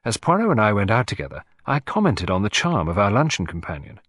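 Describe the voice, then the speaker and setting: Man narrating an audiobook, lively intonation, dry close recording. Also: lowish voice, fast talker, breathy edge, no room sound. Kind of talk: scripted narration.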